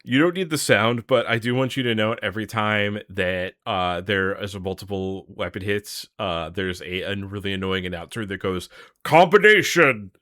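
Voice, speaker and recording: A young adult man co-hosting a podcast, chatting with excitement and laughing often. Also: low-pitched, moderate pace, hardly any pauses, dry recording, clean studio sound. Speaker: podcast co-host. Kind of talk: casual podcast chat.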